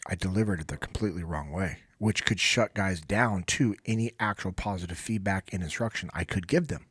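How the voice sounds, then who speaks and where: Husky American man telling a heartfelt story. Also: low-pitched, fairly quick, a bit bright, no echo, studio quality. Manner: emotional, earnest storytelling with many fillers. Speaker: podcast host. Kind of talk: casual podcast storytelling.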